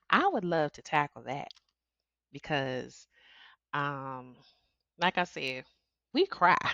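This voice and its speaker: A woman's voice: deep voice, vocal fry, a bit bright, no room sound, muffled recording. A middle-aged woman hosting a solo podcast, talking candidly and chatting with frequent laughs. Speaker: podcast host. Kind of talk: casual solo podcast talk.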